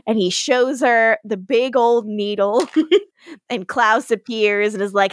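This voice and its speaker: A woman co-hosting a podcast, recapping scenes in casual chat, acting out the dialogue in quick paraphrase, swearing and laughing often. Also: fairly high pitch, dry recording, studio quality. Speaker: podcast co-host.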